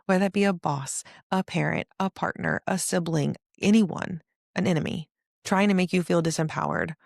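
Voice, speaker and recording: A woman hosting a casual spiritual podcast, telling stories with lively acted-out quotes. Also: lowish voice, moderate pace, vocal fry, dry recording, studio quality. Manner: animated storyteller, acts out quotes. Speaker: podcast host.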